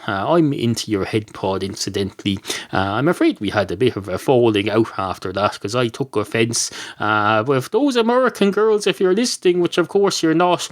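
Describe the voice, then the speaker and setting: A man hosting a podcast, rambling through a deadpan, digressive comic monologue with casual swearing. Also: fairly low pitch, moderate pace. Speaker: podcast host.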